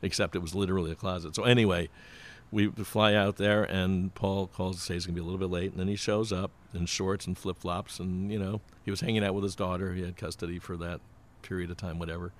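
A man's voice: deep voice, little pitch movement, fast. A man, a music producer, telling rambling anecdotes in a casual chat, often breaking into laughter. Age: older.

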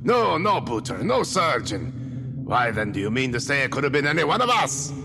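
A man's voice: mid-range voice, very animated, moderate pace, music in the background. A man doing bickering tavern drinkers. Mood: agitated. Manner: bickering, accusatory. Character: quarrelsome tavern men, suspicious and agitated.

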